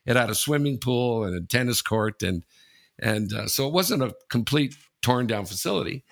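A man with a gravelly, creaky voice tells a frank personal story on a casual podcast. He swears freely and keeps turning to his co-host as he goes. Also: mid-range voice, expressive, moderate pace.

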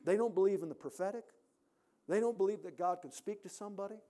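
High-voiced man preaching with emphatic swings. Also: fast. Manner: emphatic, swings between loud peaks and quiet drops. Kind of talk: sermon. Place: church.

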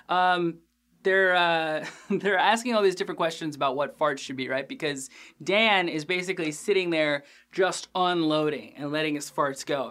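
Jokey man recapping a TV episode. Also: high-pitched. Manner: animated, jokey, with crude asides and frequent fillers. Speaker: podcast host reviewing a TV episode. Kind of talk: casual recap chat.

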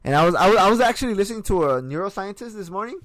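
A man's voice: sits high, expressive, very fast, a bit bright, no echo. A young man in casual chat, slangy and profane, calling everyone "bro" as he rants.

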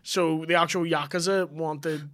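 A man's voice: on the high side, steady tone, measured pace, a bit bright. A man co-hosting a podcast, telling stories in dry, swearing banter. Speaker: podcast co-host. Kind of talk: casual comedic chat.

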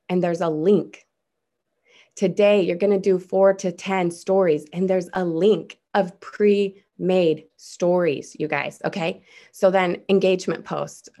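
A woman's voice: low-pitched, gravelly, a little mellow. A woman presenting a social media training on a video call, upbeat and chatty, often saying "you guys". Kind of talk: casual motivational training.

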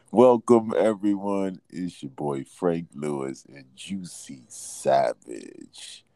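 A man's voice: low voice, slow pace, dark tone, no echo. A man hosting a casual live stream, loose and laughing as he coaxes callers to perform.

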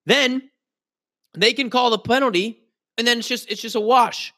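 Guy with a high bright voice doing a solo sports rant, fired up and pushy, restarts a lot, dry close sound. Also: moderate pace, no room sound. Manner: frustrated, emphatic ranting with repeated restarts. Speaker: podcast host. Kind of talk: solo sports opinion podcast.

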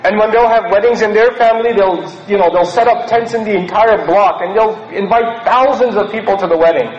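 A man from Pakistan giving a lecture as a preacher, animated and acting out quoted characters mockingly. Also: sits high, a little fast, reverberant, dull audio.

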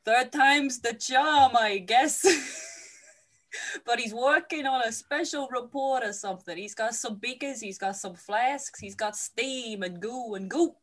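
A woman's voice: a little high, a little slow, fairly bright tone. A woman hosting a comedic movie recap, joking and giggling through playful asides. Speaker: podcast host.

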